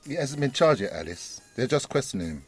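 An actor playing a principled man who speaks in a measured, earnest way. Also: medium pitch, big pitch swings, breathy edge, soft background music. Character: calm, principled male friend.

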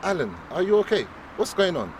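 An actor playing a principled man who speaks in a measured, earnest way. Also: sits high, big pitch swings, slight background noise. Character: calm, principled male friend.

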